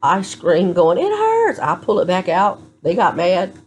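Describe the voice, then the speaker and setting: Blunt, low-voiced woman in hospital. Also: fairly even intonation, measured pace, a little hiss or hum. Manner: candid, blunt storytelling. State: tired. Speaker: vlogger. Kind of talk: casual chat to camera. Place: hospital room.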